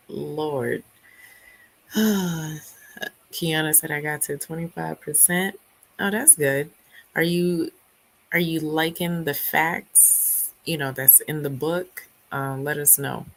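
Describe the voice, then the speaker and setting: A woman's voice: low-pitched, steady tone, slow, long pauses, poor audio. A young woman hosting a book club livestream, chatting casually and reading viewer comments, her voice still not fully back after laryngitis. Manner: chatty, laughs often, acts out quotes.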